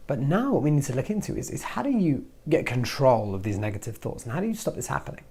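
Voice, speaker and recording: A man with a breathy, slightly husky voice gives a motivational self-help talk to camera. He is animated and often drops into a hushed voice to act out the thoughts running through someone's head. His pitch sits in a middle range. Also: quick pace. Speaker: self-help video host.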